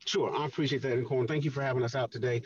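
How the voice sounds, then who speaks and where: A man speaking as a guest on a radio show, explaining earnestly with many pauses and fillers. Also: medium pitch, steady tone, slightly rough, recorded from a distance, lo-fi sound. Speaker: guest, housing redevelopment official. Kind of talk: radio interview talk.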